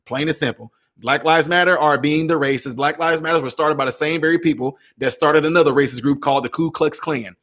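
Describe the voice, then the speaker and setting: An animated male vlogger delivering a sarcastic commentary rant in a fairly high voice. He stammers and restarts often, shifting between loud and soft. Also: fairly quick, few pauses.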